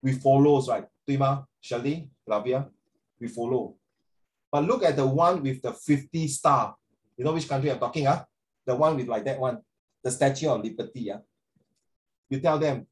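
A middle-aged man with a Singaporean English accent, teaching a social studies class in an animated, joking, sarcastic way, with Mandarin phrases mixed in. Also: medium pitch, moderate pace, long pauses, poor audio.

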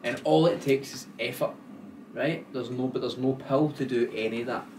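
A man's voice: mid-range voice, fairly even intonation, moderate pace. A Scottish man co-hosting a podcast in casual chat, talking bluntly and emphatically with some swearing. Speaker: podcast co-host. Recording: distant mic with faint background noise.

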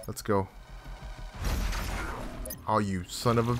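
A man commenting casually on his game as he plays, excitable and chatty, cursing and addressing his viewers often. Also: on the low side, moderate pace, loud music behind the voice. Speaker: gaming channel host.

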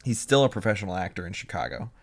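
Lively young man telling stories. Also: sits low, creaky. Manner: animated storyteller, quick bursts and impressions. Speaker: podcast co-host. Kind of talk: casual chat.

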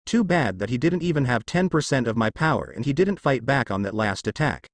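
Guy reading as a cocky young ninja warlock, dark smirky taunts, bouncy pitch. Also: lively intonation, brisk, no room sound, close to an everyday voice. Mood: taunting. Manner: dark, taunting grins and boasts.

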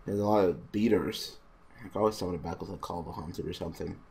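A man's voice: low voice, fast talker, darkish tone, husky. A man giving casual, mumbled commentary while playing an online card game, swearing and getting exasperated with his opponent. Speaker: gaming YouTuber.

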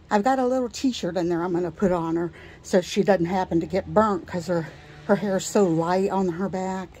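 A woman's voice: medium pitch, fairly quick, darkish tone, husky. Chatty, folksy woman vlogger. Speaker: vlogger grooming her own dog. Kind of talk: casual chat to camera.

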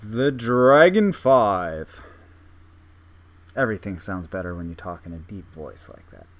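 A man's voice: low voice, quick pace, gravelly, a bit bright, husky. A young man casually thinking aloud while playing a game, self-mocking and full of restarts. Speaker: gaming video host. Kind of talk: casual gameplay commentary.

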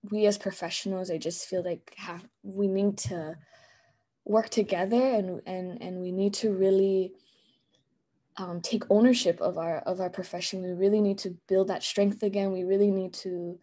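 A woman's voice: mid-range voice, fairly even intonation, normal speed, dark tone. A woman giving a casual conference talk on a video call, chatty and full of fillers and restarts. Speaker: conference presenter. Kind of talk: casual live online presentation.

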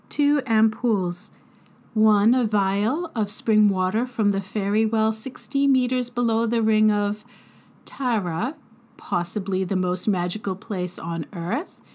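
A woman's voice: mid-range voice, darkish tone, close to an everyday voice. A woman voicing a cold, smug twelve-year-old boy mastermind with precise, condescending speech.

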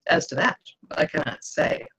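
A woman's voice: moderate pace, fairly bright tone, natural voice. A woman author voicing a sly, coaxing male spirit who speaks in archaic, theatrical phrasing while reading her book aloud. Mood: wheedling. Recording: dull lo-fi video call audio.

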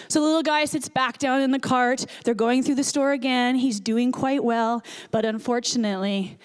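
A middle-aged woman pastor preaching a sermon, telling a story in an animated, earnest way. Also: a little high, clean tone.

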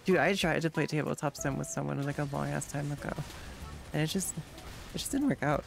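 A streamer chatting casually while playing a game, sarcastic and quick to react to chat and gameplay. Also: medium pitch, gravelly, faint music behind.

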